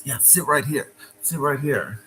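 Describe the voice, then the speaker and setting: A man doing his shifty friend, hushed and furtive. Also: medium pitch, measured pace, soft background music, poor audio. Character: shifty young man hiding stolen guitar.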